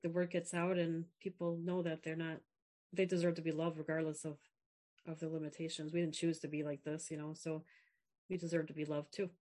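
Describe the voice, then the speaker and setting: A young woman talking quickly and candidly in a relaxed interview. Her voice sits a little low, and she slips into little voices when she quotes people. Her delivery is animated and open. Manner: frank, animated storyteller, quotes others in voices. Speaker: app founder and guest. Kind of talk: candid casual interview talk.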